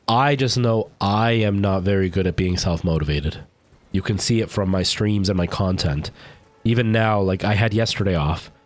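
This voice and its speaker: A man streaming a game live, rambling and thinking aloud as he plays, often poking fun at himself. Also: on the low side. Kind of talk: live gameplay commentary.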